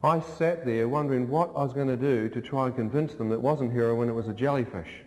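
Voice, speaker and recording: A man's voice: mid-range voice, fast, a little mellow. A man giving a dramatic testimony in a church, telling a vivid story and acting out the voices of others. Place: large church. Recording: long reverb in a large church.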